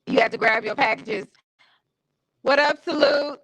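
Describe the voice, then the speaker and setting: A woman's voice: high-pitched, a little slow, fairly bright tone, poor audio. A woman hosting a live stream, chatting casually in a candid, opinionated way with slangy everyday talk. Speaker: stream host. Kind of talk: casual chat. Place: home streaming setup.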